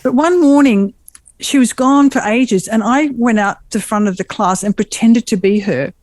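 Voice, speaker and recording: A woman co-hosting a podcast, chatting casually and telling animated stories with playful voices. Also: on the high side, moderate pace, dry recording. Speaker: podcast co-host. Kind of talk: casual chat.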